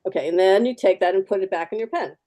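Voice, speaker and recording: A woman artist with a fast, mid-range voice and dark tone gives a live fountain pen demo. She's chatty and practical, repeating key words for emphasis.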